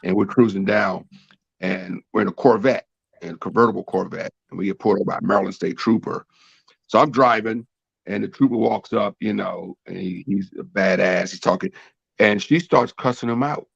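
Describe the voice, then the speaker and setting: A man co-hosting a casual talk show, telling an animated personal anecdote. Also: low-pitched, a little fast, creaky, breathy edge, no room sound, highs cut off. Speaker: podcast co-host. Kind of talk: casual discussion.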